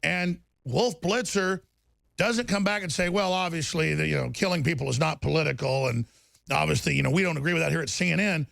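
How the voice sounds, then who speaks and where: A man hosting political talk radio, ranting in heated bursts with a gravelly voice. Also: a little high, brisk, no room sound. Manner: fiery, ranting, shouting bursts. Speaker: radio talk show host.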